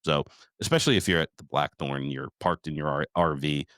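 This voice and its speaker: Man, very low voice, dry close sound, middle-aged, swearing, rambling casual chat. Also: a little fast, fairly bright tone, no room sound. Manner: profane, rambling storytelling. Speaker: podcast host.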